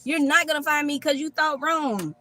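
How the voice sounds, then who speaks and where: Woman tarot reader, high and bright, profane and animated, live on her phone in a park. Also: moderate pace. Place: outdoors at a park.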